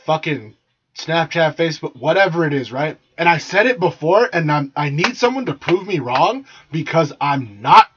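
A man's voice: on the high side, animated, moderate pace, a bit bright, slight background noise. A young man from San Jose ranting bluntly and crudely on a podcast, swearing constantly and sounding exasperated. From San Jose, California. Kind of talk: profane ranting monologue. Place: small room with the door partly closed. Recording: dull lo-fi sound.

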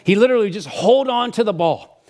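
Male pastor, middle-aged, slightly higher voice, relaxed storytelling sermon, restarts his sentences. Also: fast. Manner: conversational, animated storytelling with frequent restarts.

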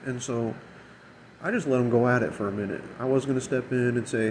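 Swearing freely, a restaurant shift manager briskly recounts a terrible night at work in a casual rant, his ordinary mid-pitched voice fairly level in intonation and shifting into mocking impressions for quotes. Audio is poor, with a faint air conditioner and a slight hiss or hum.

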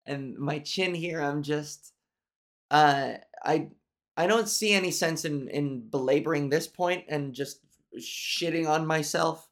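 A woman's voice: sits low, slow pace. A woman with a nasal voice hosts a solo podcast. She talks candidly and swears freely, and her monologue rambles along with restarts. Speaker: podcast host.

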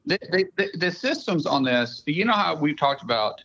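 A man's voice: on the high side, lively intonation, normal speed, creaky, fairly bright tone, rough recording. A man with an Oklahoma accent, a senator giving a casual radio interview and laying out emphatic, detailed explanations. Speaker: senator, guest.

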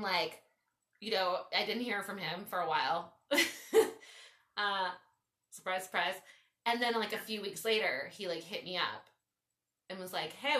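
A woman hosting a podcast, telling a story in a casual, animated, foul-mouthed way. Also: medium pitch, roomy sound, recorded from a distance. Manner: animated, swearing, lots of "like". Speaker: podcast host.

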